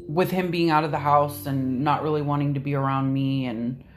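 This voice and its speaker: A woman's voice: sits low, fairly even intonation, moderate pace, noisy background. A woman guest on a podcast telling a personal story candidly, hesitant and restarting often. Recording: soft music behind.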